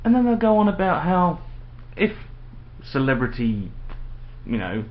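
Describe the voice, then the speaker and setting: A man's voice: fairly high pitch, very animated, measured pace. A man ranting sarcastically to camera in a casual vlog at home. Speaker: vlogger. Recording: dull lo-fi home video with faint noise.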